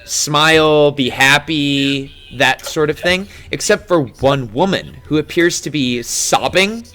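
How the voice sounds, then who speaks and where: A man narrating as game master of a tabletop game, relaxed and descriptive. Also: a little high, takes it slowly. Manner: relaxed, descriptive, filler-heavy.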